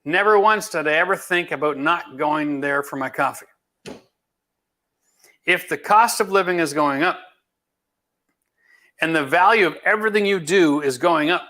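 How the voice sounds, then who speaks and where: A middle-aged Canadian home renovation host answers viewer questions in a live Q&A chat, blunt, emphatic and folksy. His voice is a little high and sharp, at normal speed with long pauses.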